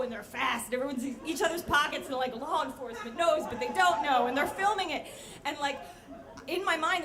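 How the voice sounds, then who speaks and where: A young adult woman telling a comic true story live, animatedly acting out the voices of people she quotes. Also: high-pitched.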